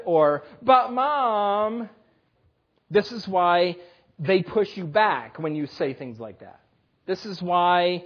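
Husky-voiced pastor preaching to kids. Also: male voice, high voice. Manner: conversational preaching, speaking directly to children. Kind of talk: sermon. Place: church sanctuary. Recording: dull lo-fi sermon recording.

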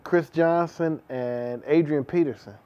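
A man's voice: a little high, measured pace, mellow, smooth, lo-fi sound. A man co-hosting a podcast, chatting casually, teasing dryly and listing sports names. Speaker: podcast co-host. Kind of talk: casual chat.

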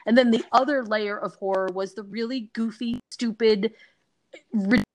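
A woman co-hosting a podcast in casual chat, earnest and insistent, with halting restarts. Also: fairly high pitch, fairly even intonation, darkish tone. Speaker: podcast co-host.

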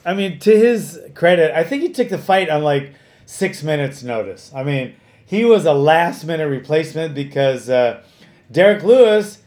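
Middle-aged guy on a podcast, kinda high voice, rambling animated stories with lots of um and like. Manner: animated storyteller with frequent fillers and restarts. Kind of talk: casual chat.

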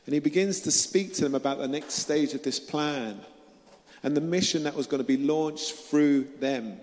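A man's voice: a little high, moderate pace, darkish tone, in a large hall. A man preaching a sermon in an earnest way, often turning to ask his listeners direct questions.

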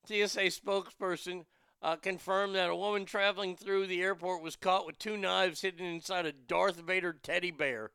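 Profane, gravelly-voiced male podcast host. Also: high voice, flat delivery, normal speed, sharp tone, no echo, studio quality. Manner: profane, outraged and mocking. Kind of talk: crude comedic news rant.

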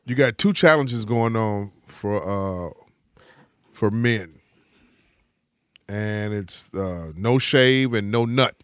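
A man's voice: lowish voice, takes it slowly, long pauses, smooth. A man hosting a casual podcast, asking his guests questions and tossing in catchphrases. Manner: loose, asks questions, shouts catchphrases. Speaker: podcast host.

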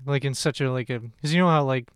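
A man co-hosting a podcast in casual chat, chiming in with jokes and quick reactions and laughing often. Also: medium pitch, clean tone, no room sound, studio quality. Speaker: podcast co-host.

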